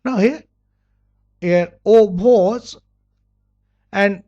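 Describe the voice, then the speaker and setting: A native Nepali speaker with a Nepali accent teaches an English lesson, spelling words out letter by letter, repeating them over and over and often stopping to correct a word. The teacher's voice is medium-pitched and a little mellow, slow and full of pauses.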